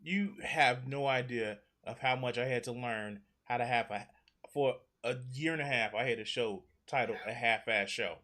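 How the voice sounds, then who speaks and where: A man's voice: medium pitch, moderate pace, pushed and bright. Laid-back profane male host. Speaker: show host. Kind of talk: casual reaction chat.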